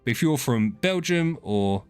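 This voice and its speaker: Faint music plays behind this man from southern England, whose medium-pitched voice is clear, resonant and animated, never hurried. He chats casually with his stream viewers and reads their messages in a teasing, rambling way, restarting often and breaking into laughs.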